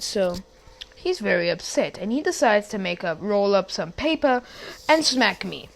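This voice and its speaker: A woman's voice: mid-range voice, expressive, normal speed, gravelly, fairly bright tone, a little hiss or hum. A young woman tells a story in a loose, conversational way. She trips over her words, restarts her sentences and drifts into side remarks. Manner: rambling, many restarts and asides. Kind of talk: casual storytelling.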